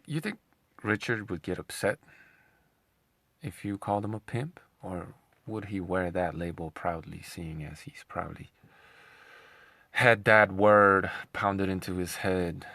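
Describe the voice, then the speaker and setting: A low, gravelly man talks slowly through a scornful commentary rant. His voice is husky and deep, and he mocks his subject with rambling sarcasm. The sound is close and dry. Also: pushed and bright, no echo. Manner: rambling, repeats himself. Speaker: commentary channel host. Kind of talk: opinionated commentary monologue.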